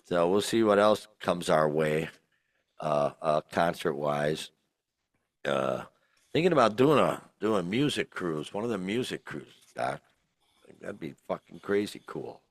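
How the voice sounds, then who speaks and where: Man, low voice, dry close sound, tipsy, rambling podcast chat, laughs a lot. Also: animated, a little slow, gravelly, no room sound. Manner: loose, rambling, laughs often. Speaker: podcast co-host. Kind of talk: casual chat.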